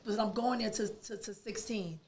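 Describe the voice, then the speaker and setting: A woman, a podcast guest telling a personal story in an animated, emphatic way. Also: medium pitch, normal speed, a crowd in the background. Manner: animated, emphatic, acts out quoted dialogue.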